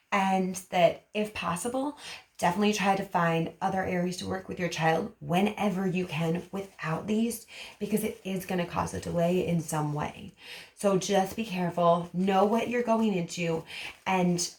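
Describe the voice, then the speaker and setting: A woman speech therapist explaining to parents in an animated, demonstrative way, acting out emotions as she teaches. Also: lowish voice. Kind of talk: parent education vlog. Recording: roomy echo.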